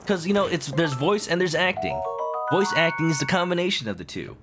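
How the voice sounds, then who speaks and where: A man's voice: a little high, very animated, brisk. A man streaming a video game, chatting casually and explaining things to his viewers as he plays. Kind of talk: casual live-stream commentary. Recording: game music underneath.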